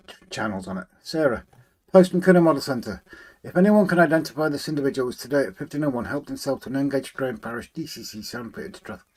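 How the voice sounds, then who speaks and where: A man's voice: mid-range voice, vocal fry, husky. Guy on a live stream, reading out chat and saying hi to everyone, hums little tunes while he tinkers. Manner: chatty, greets viewers warmly by name, hums to himself while working. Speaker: livestream host. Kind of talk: casual live chat, reading out viewer comments.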